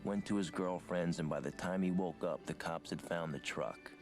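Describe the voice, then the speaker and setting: A man voices a gangster narrating in film voice-over, calm and matter-of-fact. His voice sits very low. Film music plays beneath him. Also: moderate pace, natural voice.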